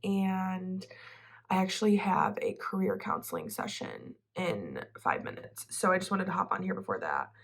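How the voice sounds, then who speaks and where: A young woman chats with her viewers in a casual vlog from her bedroom and home office, slipping into a baby voice to talk to her pet. Her lowish voice swoops wildly in pitch at a moderate pace, picked up by a distant mic with faint background noise.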